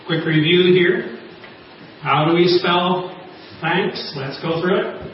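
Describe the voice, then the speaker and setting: Guy giving a sermon, slightly high voice, dull muffled sound with faint hiss. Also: slow pace. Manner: emphatic, spells out acrostic points and reads scripture. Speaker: preacher. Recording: echoey, dull, distant recording with faint noise.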